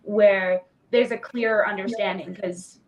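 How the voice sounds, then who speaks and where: A woman's voice: medium pitch, steady tone, unhurried, a little hiss or hum. A young woman guest on a video call interview, chatting eagerly and peppering her talk with fillers. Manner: bubbly and chatty with filler words. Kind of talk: casual interview chat.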